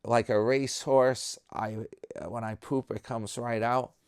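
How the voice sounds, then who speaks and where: A man putting on a proud old man bragging in a raised, sing-song voice. the delivery stays slow and smooth, with a dry, close sound. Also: medium pitch, level tone, no room sound, close to an everyday voice. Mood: boastful. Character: boastful old man, proud of his health.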